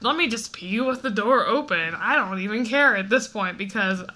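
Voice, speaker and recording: A woman's voice: mid-range voice, expressive, moderate pace, pushed and bright. A woman co-hosting a podcast in casual, giggly chat, playfully ranting. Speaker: podcast co-host.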